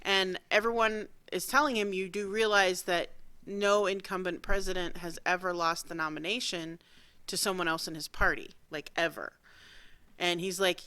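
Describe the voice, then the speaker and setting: A woman co-hosting a casual chat show, blunt and profane, getting animated when riled up. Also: on the low side, moderate pace, smooth. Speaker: podcast co-host.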